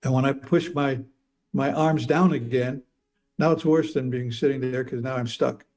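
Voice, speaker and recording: An older man telling a personal story in a halting way, often repeating and stammering over his words. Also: mid-range voice, steady tone, darkish tone, faint music behind. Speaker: speaker telling a near-death experience.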